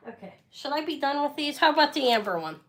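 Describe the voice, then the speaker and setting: A woman's voice: sits high, big pitch swings, fast, background noise. A middle-aged woman selling jewelry on a live stream, chatting casually and rambling with muttered asides. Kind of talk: casual live sales chat.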